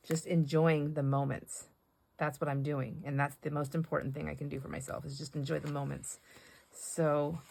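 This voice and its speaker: Chatty middle-aged woman, slightly low voice, casual and giggly. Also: vocal fry, darkish tone. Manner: rambling, chatty, laughs often. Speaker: craft vlogger. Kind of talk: casual craft chat while painting.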